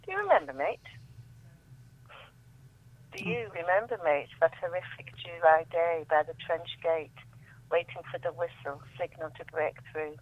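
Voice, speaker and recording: A woman's voice: low voice, expressive, dry recording. Woman reciting poetry over a phone line. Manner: measured, dramatic reading, often dropping to near whispers. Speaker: guest poet. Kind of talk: reading her own poetry aloud. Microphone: telephone.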